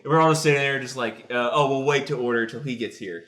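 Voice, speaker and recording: A man's voice: mid-range voice, fast talker. Rambling young man telling stories. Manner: rambling, animated anecdotes. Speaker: podcast co-host. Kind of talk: casual storytelling chat.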